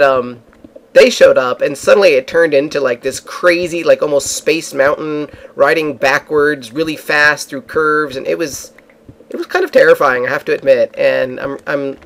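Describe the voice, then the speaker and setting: A man casually recounting a trip with friends, rambling with frequent fillers and restarts. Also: on the high side. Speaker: vlogger. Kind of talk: casual storytelling.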